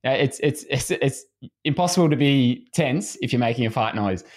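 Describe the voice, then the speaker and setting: A man's voice: medium pitch, moderate pace. A man, a swimming coach speaking as a podcast guest in an easygoing, casual way. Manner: relaxed, easygoing, frequent restarts.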